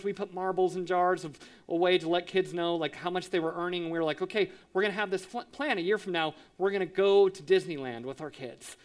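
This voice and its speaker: A man in his thirties, a pastor, telling a lively personal story in a sermon, acting out voices and sound effects. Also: sits high, smooth. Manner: animated, acts out quotes with sound effects.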